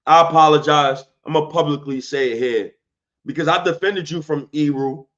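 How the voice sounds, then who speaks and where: A man hosting his own sports podcast launches into a fired-up, slangy rant. His voice is bright and forceful, and the recording sounds dull and lo-fi. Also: fairly high pitch, moderate pace. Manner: heated, fired-up, slangy and emphatic.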